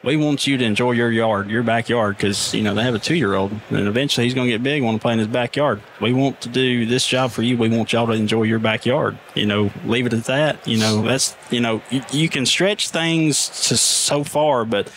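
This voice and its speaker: A man's voice: medium pitch, brisk, few pauses, fairly bright tone, slight background noise, low-quality recording. A man who works as a landscaper, talking earnestly and casually, leaning heavily on "you know". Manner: earnest, leans on "you know", affirms often. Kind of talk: casual podcast chat.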